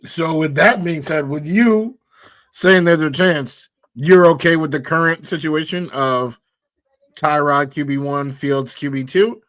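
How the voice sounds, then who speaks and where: A man co-hosting a sports podcast, asking questions in a relaxed, casual way with some fillers. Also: fairly high pitch, a little slow, no echo. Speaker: podcast co-host.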